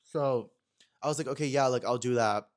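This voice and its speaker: A man's voice: mid-range voice, normal speed. A young man hosting a podcast in a small room, chatting casually and acting out quotes as he retells a story. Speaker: podcast host.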